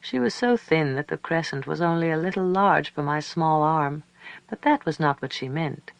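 Gravelly-voiced male storyteller. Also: a little high, dry recording. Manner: calm, measured, reflective storytelling. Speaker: audiobook narrator. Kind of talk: scripted narration.

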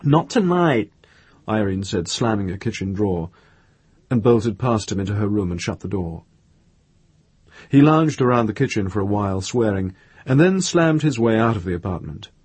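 A man narrating an audiobook in a low, husky voice. His reading is steady and measured, and the sound is close and dry. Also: no room sound.

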